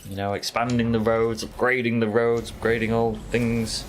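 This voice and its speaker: A man's voice: medium pitch, level tone, normal speed, slight background noise. A man casually commenting on his gameplay, joking and talking to his chat as he plays. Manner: chatty, jokey, talks to chat while playing. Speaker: streamer.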